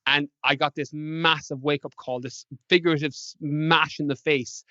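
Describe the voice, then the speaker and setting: A man's voice: on the high side, fairly even intonation, a little slow, sharp tone, no room sound. An Irish man, a podcast guest, telling stories in a casual interview and acting out past conversations with animation. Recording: dull lo-fi dry sound.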